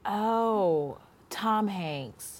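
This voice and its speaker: A woman's voice: mid-range voice, lively intonation, drawn-out words, darkish tone. A woman guest who hosts a podcast, chatting playfully on a talk show. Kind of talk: casual talk show chat. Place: TV studio.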